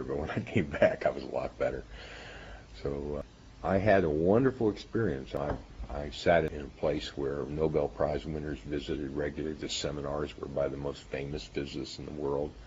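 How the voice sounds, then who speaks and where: Very deep gravelly older man reminiscing. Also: steady tone, a little fast, highs cut off, slight background noise. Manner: warm storytelling with chuckles. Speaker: physicist recalling graduate school. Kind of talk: reminiscing interview.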